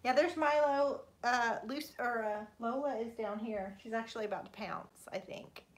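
There's slight background noise as a Florida woman, her voice a little high and her pace moderate, hosts a casual live stream. She greets viewers by name and laughs often, apologizing self-deprecatingly when she gets a name wrong.

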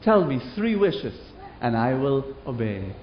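A man voicing an obliging male love genie from a lamp, speaking slowly and formally in a story told during a sermon. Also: medium pitch, very animated, slight background noise. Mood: solemn. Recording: roomy, dull hall recording.

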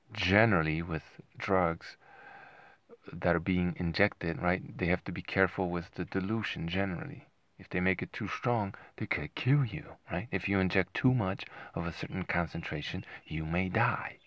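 A man's voice: sits low, fairly even intonation, normal speed, fairly bright tone, no echo. A man giving a sarcastic, combative commentary, constantly asking "right?" as he argues. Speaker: boxing commentator. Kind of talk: ranting commentary to camera.

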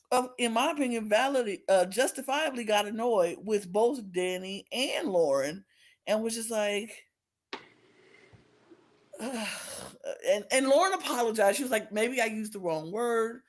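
A woman co-hosting a podcast in a casual recap chat, indignant and venting, acting out the quotes she retells. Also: a little slow. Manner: animated, acts out quotes with big pitch jumps. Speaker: podcast co-host.

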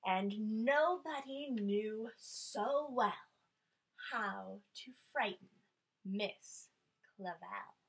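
A woman reading a picture book aloud to children, gentle and coaxing, often dropping to a soft whisper and inviting the little listeners to join in. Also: on the high side, husky, poor audio. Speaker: children's storyteller.

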